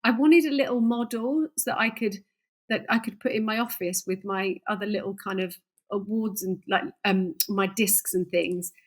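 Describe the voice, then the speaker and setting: A woman's voice: mid-range voice, normal speed. A woman chatting as a podcast guest, self-deprecating and laughing as she tells her stories. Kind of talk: casual chat.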